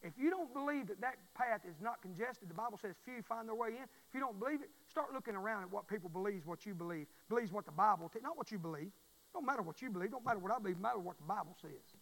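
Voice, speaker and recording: High-voiced preacher man. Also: expressive, fast talker, in a large hall, poor audio. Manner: fervent, repetitive preaching that swells to loud pleading. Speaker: pastor. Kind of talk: sermon. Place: church.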